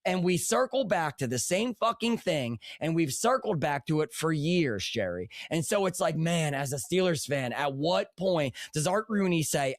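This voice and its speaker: Fired-up, cursing man with a higher voice. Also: animated, moderate pace, few pauses, no room sound, clean studio sound. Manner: angry, profane, keeps addressing his co-host. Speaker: podcast co-host. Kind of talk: heated sports podcast rant.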